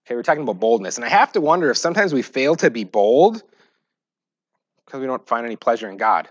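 A pastor preaching a sermon, moving between loud, emphatic scripture reading and quiet, joking asides. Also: male voice, mid-range voice, big pitch swings, quick pace, no room sound, muffled recording. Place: church.

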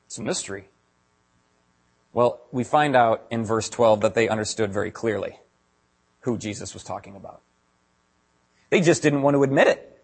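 A man preaching a sermon as pastor, talking casually to his congregation and building to loud, emphatic stretches. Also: a little high, husky. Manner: animated, builds to raised emphatic delivery.

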